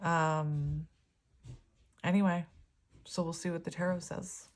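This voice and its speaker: Chatty expressive woman, lowish voice. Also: slow, slight background noise. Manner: chatty, rambling, expressive, laughs often. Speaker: tarot reader. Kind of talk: casual tarot reading to camera.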